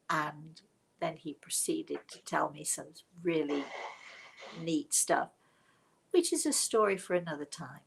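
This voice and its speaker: A woman's voice: sits low, expressive, unhurried, gravelly, husky, poor audio. A British woman, a spiritual medium, telling stories to a livestream audience in a reflective, self-mocking way. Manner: reflective and warm storytelling, with self-mocking laughs. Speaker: spiritual medium hosting a live show.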